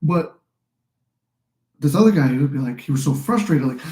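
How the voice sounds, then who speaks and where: Man, young adult, casual livestream advice, rambling and encouraging, warm mellow tone, roomy echo. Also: fairly high pitch, lively intonation, normal speed, long pauses. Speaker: livestream host and manifesting coach. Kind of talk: casual live-stream advice talk.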